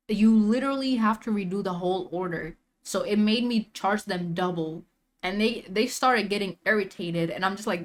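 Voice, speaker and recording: Ranting casually while reacting on stream, a young woman peppers her speech with slang and fillers at a moderate pace. She shifts between quiet muttering and almost shouting.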